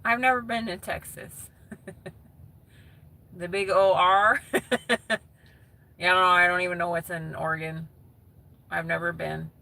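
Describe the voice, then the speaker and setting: A woman's voice: on the low side, steady tone, measured pace, pauses often, bright, forceful tone, a little hiss or hum. A woman chatting casually with viewers on a live stream, reading their comments aloud and laughing often.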